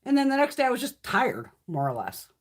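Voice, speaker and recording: A woman's voice: fairly high pitch, fairly quick. A woman in her fifties chatting casually on a live stream, blunt and profane, telling stories with lots of animation. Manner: blunt, swears freely, animated storytelling.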